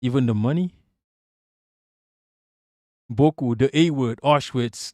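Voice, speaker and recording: A man's voice: mid-range voice, slow pace, long pauses, a little mellow, dry recording, studio quality. A man giving a heated, profane live-stream rant, often repeating words as he pushes on.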